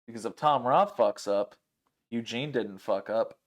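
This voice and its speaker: A man's voice: medium pitch, unhurried. A man hosting a casual podcast chat, telling stories with lots of swearing and acting out the people he quotes. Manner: animated, swears freely, acts out quoted people. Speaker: podcast host.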